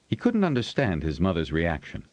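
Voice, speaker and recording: A man narrating an audiobook in a measured storytelling manner, shifting his voice for the characters. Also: low-pitched, huge pitch swings, darkish tone, no echo, dull audio. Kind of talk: scripted narration.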